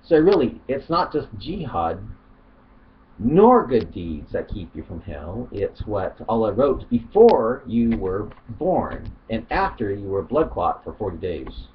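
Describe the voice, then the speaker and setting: A man's voice: fairly low pitch, very animated, takes it slowly. A man casually reading from his own writing, rambling and hesitant with many fillers. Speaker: video author. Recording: dull lo-fi home recording, faint noise.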